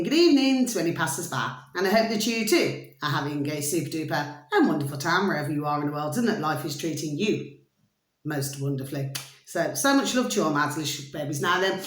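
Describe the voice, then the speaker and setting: A woman's voice: on the low side, echoey room. A woman, rambling affectionately to her viewers in a sing-song, meandering way, full of pet phrases. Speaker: vlogger. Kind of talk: rambling casual address to camera.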